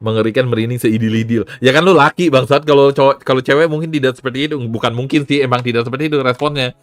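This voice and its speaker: An animated male streamer talks casually, laughing and cursing freely. His voice sits at a medium pitch and is recorded dry and close on a desk mic. Faint music plays behind him. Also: racing, no echo. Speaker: VTuber streamer.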